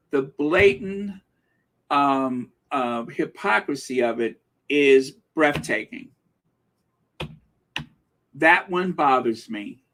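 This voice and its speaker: A man's voice: on the high side, fairly bright tone. A man hosting a gossip commentary video, talking in a sarcastic, indignant way. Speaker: commentary channel host.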